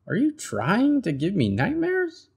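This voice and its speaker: A squeaky bratty little bird. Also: male voice, huge pitch swings, a little slow, vocal fry, a little mellow, slightly rough, heavily acted. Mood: playful, whiny. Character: restless little bird who refuses bedtime.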